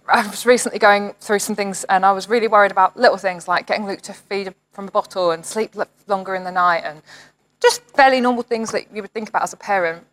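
A woman's voice: mid-range voice, a bit bright, poor audio. A woman giving an informal online sermon, reading psalms aloud in an earnest, encouraging way. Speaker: church leader.

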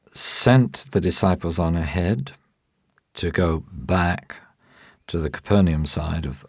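A man answering interview questions as a Bible teacher, explaining in a measured way with frequent ums and restarts. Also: deep voice, a little mellow, dry recording, studio quality.

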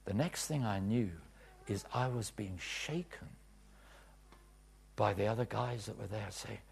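A man preaching a testimony in a sermon, swinging from hushed whispers to loud cries. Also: lowish voice, unhurried, vocal fry, pauses often. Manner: dramatic swings from whispers to shouts.

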